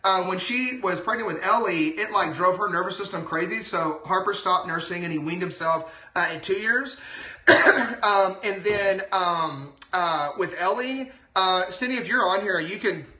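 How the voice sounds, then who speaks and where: A man who is a doctor chats excitedly on a phone livestream. His voice is bright and forward, and the room echoes around him. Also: sits high, moderate pace. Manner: excited, chatty, lots of asides. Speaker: doctor giving health advice. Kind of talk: casual livestream talk.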